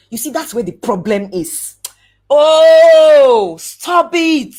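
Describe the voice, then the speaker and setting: A woman giving a lively motivational talk, acting out examples and drawing out words for emphasis. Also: sits high. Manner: animated, acts out examples, slow drawn-out emphasis. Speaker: speaker coaching on networking.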